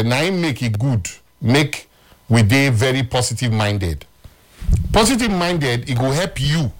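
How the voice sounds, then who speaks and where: A man's voice: medium pitch, fairly bright tone. A man with a Nigerian accent, a guest on a talk show, speaking in an emphatic, preachy way.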